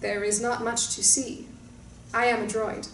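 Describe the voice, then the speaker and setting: A woman voicing a calm, fearless male droid captain who speaks in a formal, composed way. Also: fairly high pitch, unhurried. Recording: roomy distant mic with faint hiss.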